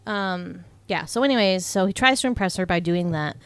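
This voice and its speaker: A woman's voice: fairly low pitch, lively intonation, moderate pace, clear, resonant tone, no echo. A young woman co-hosting a podcast, casually recapping a movie plot with lots of "like" and "um" and frequent swearing. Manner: chatty, swears freely, full of "like" and "um". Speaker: podcast co-host.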